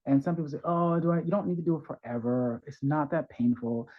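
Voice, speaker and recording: A man talking as a guest in an interview about parenting, animated and acting out voices of parents and kids, heard over a call. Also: a little high, quick pace. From New York. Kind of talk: conversational advice in an interview. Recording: dull, lo-fi sound.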